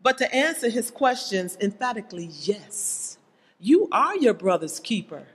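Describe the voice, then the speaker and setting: A church speaker preaches to a congregation in a mid-range voice that is sing-song, unhurried, a bit bright and slightly rough, pushing them with sharp rhetorical questions. The sanctuary recording has long hall reverb.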